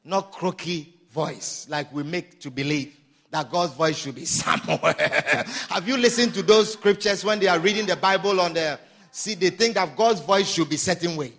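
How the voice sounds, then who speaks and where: A man preaching a sermon, shouting some lines and drawing others out slowly for emphasis. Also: sits high. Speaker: pastor.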